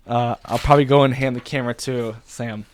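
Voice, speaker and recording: A man's voice: mid-range voice, fairly even intonation, a little fast. A young man vlogging casually, thinking aloud in a rambling, playful way. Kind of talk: casual talking to camera.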